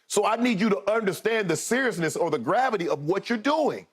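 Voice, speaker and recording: Guy on a sports debate show, high voice, keeps repeating himself for emphasis. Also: expressive, brisk, husky. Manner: emphatic, repetitive, addresses partner by name often. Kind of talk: animated sports debate talk.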